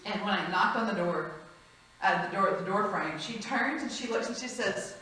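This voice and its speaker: A woman, a former hospice chaplain, telling stories in a lively, frank conference talk and acting out the voices of the people she quotes. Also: mid-range voice, moderate pace, a little hiss or hum. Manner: lively, frank, laughs often, acts out quotes. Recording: echoey hall, mic at a distance.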